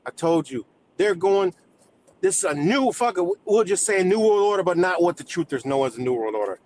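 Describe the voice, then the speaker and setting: A man goes off in a fired-up, profane rant on his own livestream. He talks in loose streetwise slang and keeps his voice a touch high. A faint low rumble sits under the recording. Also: lively intonation, fairly quick, darkish tone, rough recording. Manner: heated, swearing, streetwise slang, laughs between points. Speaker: livestream host.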